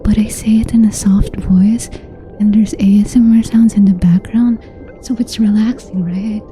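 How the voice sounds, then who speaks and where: A woman's voice: mid-range voice, fairly even intonation, normal speed, warm tone, soft background music. A woman streamer talking with her chat in a whispered ASMR style, playful and teasing, often giggling.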